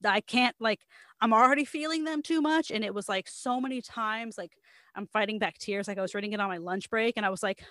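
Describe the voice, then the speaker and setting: A woman telling a story in casual chat, full of "like" and acted-out quotes from the people in it. Her voice sits at an ordinary pitch and sounds close and dry, with no room around it. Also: fairly quick, dry recording. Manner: animated storytelling, quoting others, frequent "like".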